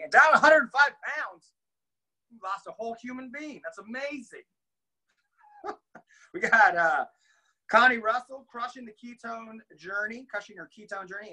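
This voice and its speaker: Young guy with a really bright voice, pumped up coaching his team, kinda high. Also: low-quality recording. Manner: animated, laughing, acts out quotes. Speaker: team trainer. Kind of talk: casual motivational talk.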